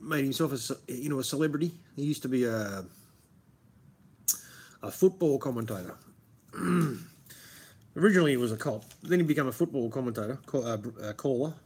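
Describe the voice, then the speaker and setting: A man's voice: medium pitch, fairly quick, long pauses, darkish tone, husky. A man with a broad Australian accent, chatting and rambling casually as a stream host, swearing freely and calling everyone mate. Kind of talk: casual chat.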